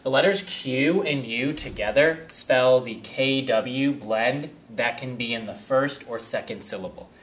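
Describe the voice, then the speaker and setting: Man teaching spelling, slow and deliberate. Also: mid-range voice, a bit bright, slight background noise. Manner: slow, deliberate word-by-word enunciation. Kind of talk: spelling lesson.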